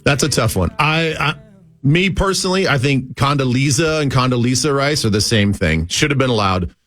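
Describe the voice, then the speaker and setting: A man's voice: medium pitch, expressive, moderate pace, a bit bright, dry recording, soft background music. A man co-hosting sports radio, chatty and earnest. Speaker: radio co-host.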